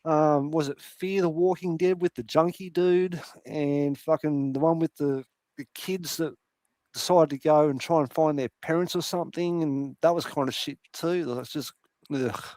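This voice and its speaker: A man, talking in a fairly high voice with loose, animated rants full of swearing. The sound is dry and close, with almost no room around it. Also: moderate pace, no echo. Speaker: podcast panel host. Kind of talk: casual chat.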